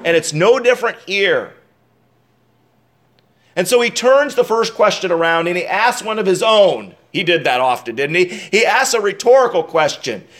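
A man preaching a sermon as pastor, emphatic, asking rhetorical questions and dropping to quiet asides. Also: high voice, lively intonation, moderate pace.

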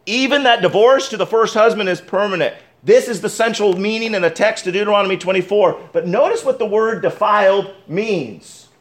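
A man with a high voice preaches a sermon. His delivery swings between sharp, loud emphasis and low, hushed asides, and he keeps turning to his listeners with direct questions. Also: a little fast, few pauses. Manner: asks the congregation direct questions. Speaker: pastor.

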